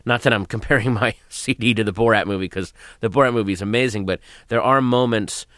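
A comedian in a radio studio, speaking in a low voice. He answers thoughtfully, often trailing off into quieter asides. The sound is dry with no room echo. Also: fast. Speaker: comedian guest. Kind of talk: interview answers.

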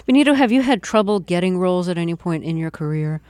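List: woman, radio host, measured, mid-pitch, dry studio sound. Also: lively intonation, a little mellow, dry recording. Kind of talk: scripted radio introduction and interviewing. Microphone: studio microphone.

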